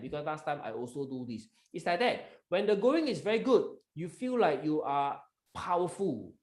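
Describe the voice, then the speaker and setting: A man's voice: high-pitched, a little mellow, echoey room. A man with a Malaysian accent hosting a live stock market webinar, talking emphatically and coaxing his members, mixing in local slang.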